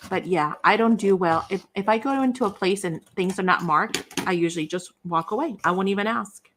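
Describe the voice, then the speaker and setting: A middle-aged woman chats on a craft livestream in an easygoing, talkative way. She slips into the voices of people in her stories and pokes gentle fun at herself with folksy asides. Her pitch sits in an ordinary middle range. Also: a little fast, slight background noise. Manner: chatty storyteller acting out quoted dialogue; self-deprecating, folksy fillers. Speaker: craft channel host. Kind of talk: casual livestream chat.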